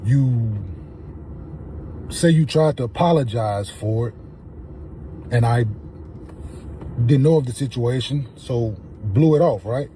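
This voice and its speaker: A man with a very dark, mellow voice lays out his side calmly and deliberately, repeating himself to drive the point home. Faint background noise sits under his voice. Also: mid-range voice. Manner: calm, deliberate, repeats phrases to make a point. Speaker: podcast co-host. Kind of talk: calm, measured on-camera statement.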